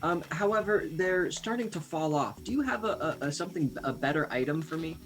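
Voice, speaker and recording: A man's voice: fairly high pitch, lively intonation, a little fast, fairly bright tone. A man voicing a polite, hesitant customer with a complaint in an improvised comedy sketch.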